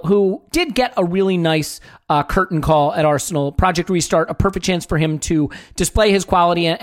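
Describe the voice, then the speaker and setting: A man hosting a sports podcast, chatting casually in a wry, joking, rambling way. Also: high-pitched. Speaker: podcast host.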